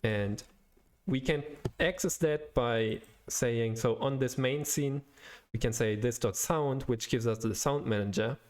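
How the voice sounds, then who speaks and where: A young adult man live-coding on a stream, talking his way through the code in a hesitant, self-correcting way, pausing to search for words. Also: mid-range voice. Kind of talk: thinking aloud while programming on a livestream.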